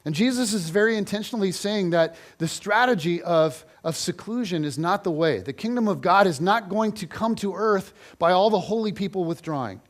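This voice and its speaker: A man preaching a sermon in a church, telling stories animatedly with rhetorical questions and acted-out quotes. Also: sits high. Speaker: pastor.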